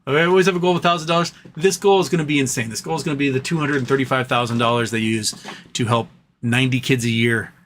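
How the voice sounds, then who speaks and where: A man's voice: mid-range voice, fairly even intonation, fast, fairly bright tone, slight background noise. A man hosting a livestream from his home office, venting in frustration with swearing and frequent stumbling restarts. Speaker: livestream host.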